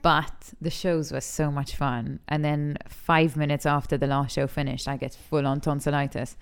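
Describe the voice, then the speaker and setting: A young adult actress from Malta, speaking openly and with feeling in an interview, laughing easily. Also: female voice, sits low, flat delivery, normal speed, creaky, clean tone. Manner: candid and emotional, laughs easily. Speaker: actress and TV talent show judge. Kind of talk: frank interview conversation.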